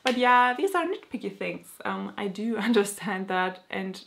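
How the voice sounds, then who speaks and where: Creaky-voiced young woman rambling excitedly. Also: medium pitch, normal speed, slight background noise. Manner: rambling, excitable, full of filler words. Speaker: book vlogger. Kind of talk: casual chat.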